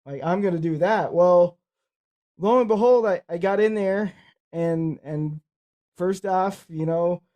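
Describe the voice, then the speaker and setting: A man's voice: high-pitched, takes it slowly, mellow. A man co-hosting a podcast, telling stories in a rambling, casual way, his speech affected by cerebral palsy. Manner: rambling, repeats words and restarts. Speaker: podcast co-host. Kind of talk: casual conversational storytelling.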